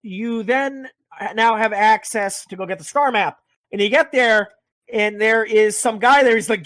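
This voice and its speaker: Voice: mid-range voice, a little slow, fairly bright tone, dry recording. A speaker casually recapping a video game's story, rambling, joking and swearing a lot. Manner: profane, rambling, jokey. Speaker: podcast host.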